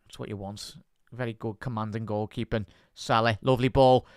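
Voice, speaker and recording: A man hosting a live football watch-along, giving chatty fan commentary, answering viewer chat and shouting out at big moments. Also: fairly low pitch, fairly even intonation, fairly quick, clean tone, dry recording, clean studio sound.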